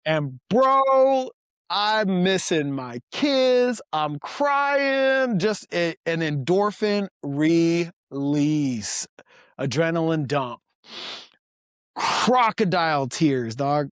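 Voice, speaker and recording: A man telling a story as a podcast guest in casual chat, animated, loose and profane. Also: on the high side, very slow, smooth, no echo, clean studio sound.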